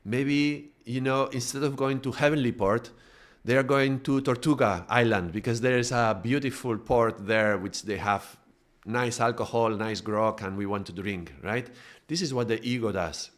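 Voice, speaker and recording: A man giving a live spiritual talk at an ordinary pitch. He explains through long metaphors and keeps checking in with his listeners. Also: moderate pace, few pauses. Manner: builds extended metaphors, checks in with tag questions. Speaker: spiritual teacher.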